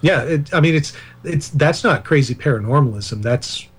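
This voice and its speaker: A man's voice: on the high side, lively intonation, normal speed, breathy edge. Digressive male author on a radio call-in. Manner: discursive, digressive, self-deprecating asides. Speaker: author and filmmaker guest. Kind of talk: radio interview talk.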